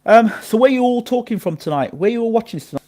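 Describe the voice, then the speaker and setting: A man hosting a casual live boxing stream, chatting his opinions and shouting out viewers by name and place. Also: very high-pitched, lively intonation, quick pace.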